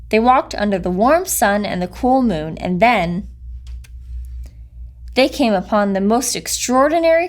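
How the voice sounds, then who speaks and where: Picture-book reader, woman, gentle and expressive, lively intonation, studio recording. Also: mid-range voice. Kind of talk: reading a picture book aloud.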